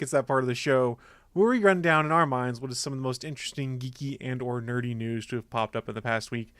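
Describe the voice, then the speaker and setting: A man's voice: medium pitch, fast talker, a bit bright, no echo. Dry-witted male podcast host. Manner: dry, teasing, leads segments. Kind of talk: casual chat.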